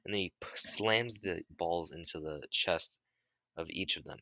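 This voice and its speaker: A man's voice: sits low, a little slow, bright, forceful tone, dry recording, clean studio sound. A man casually retelling a made-up story, rambling with restarts and the odd curse.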